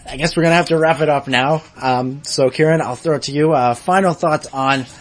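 A man's voice: a little high, steady tone, fast talker. A man hosting a podcast, steering the conversation in a friendly, attentive way. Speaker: podcast host. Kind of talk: casual podcast chat.

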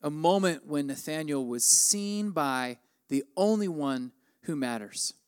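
A man's voice: lively intonation, unhurried, smooth. A man in his forties preaching a conversational sermon, acting out the people in the story. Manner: conversational, acts out quoted lines with raised pitch. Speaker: pastor.

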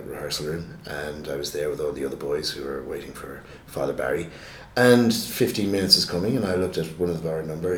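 A man's voice: a bass voice, a little hiss or hum. A man telling a story in casual conversation, rambling and self-mocking, with many restarts. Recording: roomy echo.

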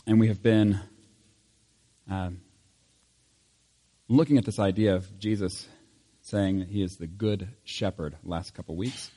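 Low-voiced pastor reading scripture in church. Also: male voice, mellow, slightly rough, in a large hall. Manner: measured reading, lifts voice on scripture. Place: church sanctuary.

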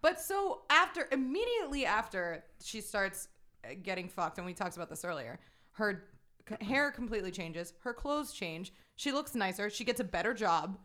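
A woman's voice: medium pitch, normal speed. A woman on a podcast casually recapping a movie, swearing and laughing as she goes. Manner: lively, profane, laughs often. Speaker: podcast co-host.

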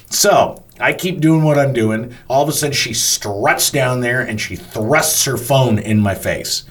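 A man, a front of house manager, telling a personal story in a casual, animated way and swearing freely. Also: mid-range voice, measured pace, few pauses.

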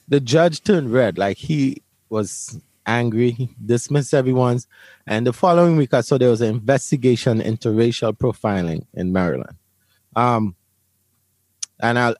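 A man from Brooklyn recounts a personal story to an interviewer, emphatic and vivid, often repeating words. His voice sits at an ordinary middle pitch. The sound is dry and close. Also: normal speed, darkish tone, dry recording. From Brooklyn, New York. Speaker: interview guest. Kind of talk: storytelling in conversation.

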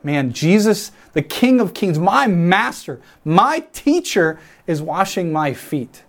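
A pastor preaches earnestly in a voice a little higher than most, very animated but taking it slowly. Speaking reflectively, he pictures himself inside the scene he describes, and builds emphasis by repeating phrases again and again.

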